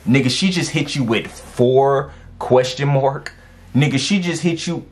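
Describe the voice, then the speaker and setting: A man giving casual dating advice as he reacts to text messages, animated and slangy, repeating lines for emphasis. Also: medium pitch, a little slow.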